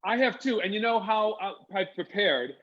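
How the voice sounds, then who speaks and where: A man's voice: high-pitched, lively intonation, moderate pace, dull audio, a crowd in the background. A man hosting a casual live chat, playful and camp, putting on a mock-posh accent. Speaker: host.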